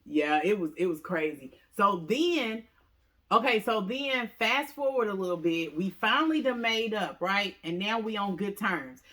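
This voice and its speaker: A woman casually telling a story to viewers, often calling them "y'all" and acting out what people said with big jumps in her voice. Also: a little slow. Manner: animated, acts out quotes with big pitch jumps; talks straight to viewers, says "y'all" often.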